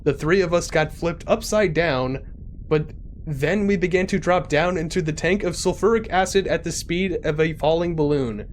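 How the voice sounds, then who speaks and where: A man's voice: fairly high pitch, moderate pace, a little hiss or hum. A man streaming live, reading a game's story aloud and chatting casually between the lines. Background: game music.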